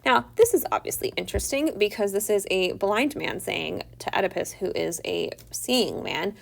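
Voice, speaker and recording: A woman's voice: medium pitch, expressive, moderate pace, gravelly. A woman teaching a literature lesson in a casual, chatty way, full of "like" fillers as she retells the story. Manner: chatty, many "like" fillers, paraphrases characters conversationally. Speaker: teacher summarizing a play.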